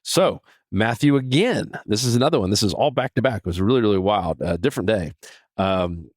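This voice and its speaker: Middle-aged male podcast host, deep voice, dry close sound, earnest casual chat with restarts. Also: a little fast, no echo. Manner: earnest, animated, many restarts and fillers. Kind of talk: casual devotional talk.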